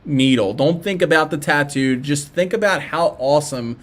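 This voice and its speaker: A man's voice: a little high, moderate pace. Laid-back Philly-accented young man. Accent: Philadelphia. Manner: laid-back, rambling, with frequent fillers and restarts. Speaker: livestream host. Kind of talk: casual live-stream chat reacting to viewer messages.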